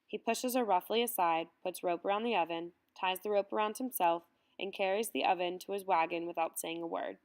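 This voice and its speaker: A woman reading a first-person story aloud in a measured, earnest way. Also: on the low side, fairly even intonation. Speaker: audiobook reader.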